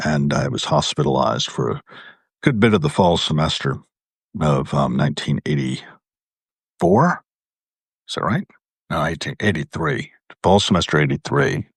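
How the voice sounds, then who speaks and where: A Virginia man in his sixties hosts a live video from an indoor room in an old building, telling rambling personal stories and often correcting himself. His bass voice has vocal fry and a breathy edge, recorded in clean studio sound with no room sound.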